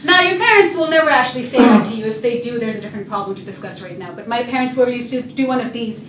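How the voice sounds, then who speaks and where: A young adult woman giving a humorous storytelling talk on stage. She talks in a lively way and acts out the voices of the people in her stories. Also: a little high, fast talker, recorded from a distance, slight background noise. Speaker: speaker. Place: event hall. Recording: echoey hall, voice set back from the mic.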